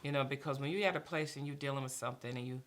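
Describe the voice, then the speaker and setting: A woman's voice: a bass voice, very fast, a little hiss or hum. A middle-aged woman co-hosting a candid faith talk, telling stories and acting out dialogue with God. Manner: animated storyteller, acts out dialogue with God. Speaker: podcast co-host, mother.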